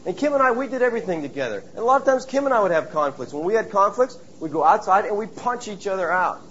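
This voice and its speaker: Man, pastor preaching, high pitched voice, animated storytelling, slightly dull recording with faint room sound. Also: fast, a little hiss or hum. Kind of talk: sermon.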